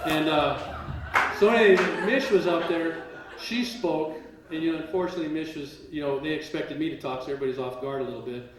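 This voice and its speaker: A crowd can be heard behind a man at a live seminar as he tells stories in a fairly high voice, a little fast and animated, acting out quotes and laughing at times. The large room gives a roomy echo, and the mic sits far away.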